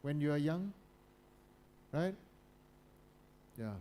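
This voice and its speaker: A man with a slightly high voice gives a motivational talk to a student audience. He talks in repeated phrases and keeps asking the listeners to agree with him. He often drops to a quiet, low voice for emphasis. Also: animated, extremely slow. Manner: repetitive, keeps checking in with listeners. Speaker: guest speaker.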